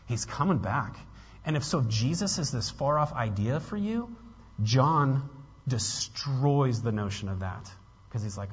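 A man's voice: lowish voice, moderate pace, husky. A man preaching a sermon as pastor, earnest and building to emphatic peaks, with casual asides to the congregation. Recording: dull lo-fi with long hall reverb.

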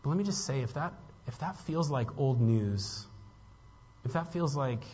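A man's voice: on the high side, animated, moderate pace, a little mellow, breathy edge. A man preaching a sermon as pastor, earnest and building to emphatic peaks, with casual asides to the congregation. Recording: dull lo-fi with long hall reverb.

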